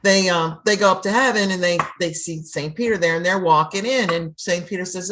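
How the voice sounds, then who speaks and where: A woman co-hosting a film podcast, telling a joke in a rambling, halting way and laughing as she goes. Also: on the low side, fairly bright tone. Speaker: podcast co-host. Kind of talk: casual chat, telling a joke.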